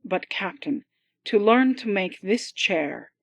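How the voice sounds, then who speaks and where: A woman voicing a calm male Swedish sea captain in an audiobook, speaking in a smooth, rolling Swedish accent. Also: mid-range voice, slow pace, dry recording. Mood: calm, measured.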